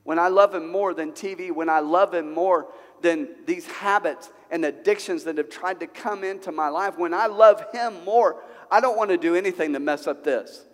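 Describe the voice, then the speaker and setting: A male pastor preaching a sermon at a church service, conversational and animated, full of rhetorical questions. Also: high voice, moderate pace, hardly any pauses. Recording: long hall reverb.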